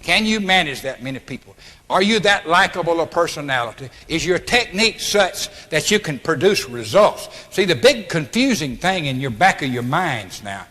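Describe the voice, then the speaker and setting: A man's voice: a little high, bright, forceful tone. A man giving an emphatic, blunt motivational lecture at an orientation, recorded in a large hall. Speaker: speaker at an orientation. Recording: archival hall recording with long reverb.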